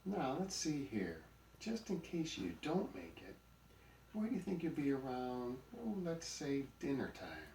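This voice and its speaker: A man's voice: mid-range voice, very animated, measured pace, a little mellow, slight background noise, voice pushed up. A man voicing an old male buzzard grandpa in a storybook, sly, teasing and full of wisecracks. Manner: wisecracking, chuckling jokes. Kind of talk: storybook character voice. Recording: roomy recording, mic at a distance.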